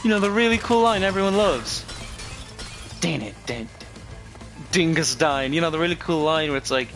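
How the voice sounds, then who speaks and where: A male game streamer with a bright, forceful, slightly high voice. He rambles through loose commentary, swears casually, and keeps correcting himself mid-sentence. His delivery is off-the-cuff and conversational. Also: sing-song, normal speed, faint music behind. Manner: rambling, profane, frequent self-corrections.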